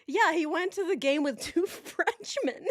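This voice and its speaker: A woman's voice: extremely high pitch, lively intonation, unhurried, no room sound, clean studio sound. A woman giving casual true crime reaction commentary, incredulous and laughing often.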